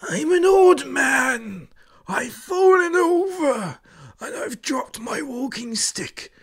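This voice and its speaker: A man's voice: very high-pitched, animated, slow pace, fairly bright tone, voice pushed up, exaggerated voice. A man voicing a frail old man who has fallen, in a warbling, wailing voice. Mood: pleading.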